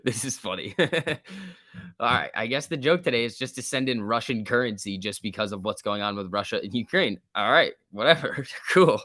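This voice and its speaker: A man's voice: medium pitch, expressive, normal speed, pushed and bright, no room sound, studio quality. A man casually commenting on a livestream and reading out chat, laid-back and chatty, laughing often. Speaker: stock market livestream host.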